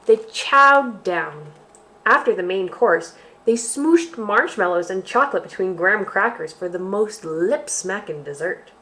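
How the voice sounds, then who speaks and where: Female storytime host, mid-pitched, unhurried, expressive picture-book reader for young children. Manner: slow, sing-song and expressive, addressing young children.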